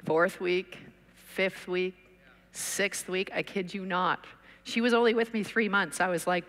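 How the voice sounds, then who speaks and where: A woman's voice: fairly high pitch, normal speed, creaky, sharp tone. A woman preacher telling a story in a conference sermon, acting out the people she talks about. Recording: long reverb of a big hall.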